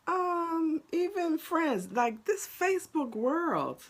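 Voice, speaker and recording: A woman with a New Jersey accent talks straight to her online viewers as a life coach. She is blunt and animated, and her voice rises and falls a lot. She speaks at an unhurried pace. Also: fairly low pitch. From New Jersey, USA. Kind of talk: casual livestream chat to viewers.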